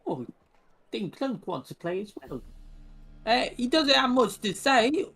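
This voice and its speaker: Animated woman with wry game-table asides. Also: fairly high pitch, measured pace, faint music behind. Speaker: player. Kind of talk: casual tabletop game chat.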